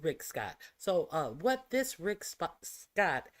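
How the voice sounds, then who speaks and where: A news channel host on a casual livestream, talking haltingly with frequent "uh" fillers and restarts. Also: mid-range voice, big pitch swings.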